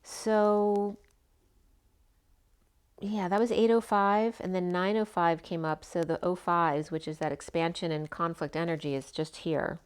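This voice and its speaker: Casting note: woman tarot reader, slightly hoarse, lowish voice, rambling and chatty. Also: steady tone, measured pace. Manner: chatty, meandering, full of asides. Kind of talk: casual spoken tarot reading.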